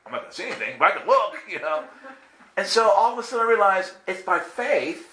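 A man tells a personal story with a bright, fairly high voice that swings widely in pitch. He acts out the voices in his tale and laughs often. The room around him is echoey, with faint ambience underneath. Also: sing-song, fast. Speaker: guest telling a testimony. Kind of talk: animated storytelling.

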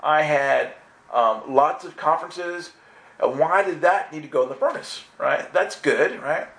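A man giving an earnest, animated personal spiritual testimony, full of restarts. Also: fairly high pitch, a little slow, vocal fry. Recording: echoey room.

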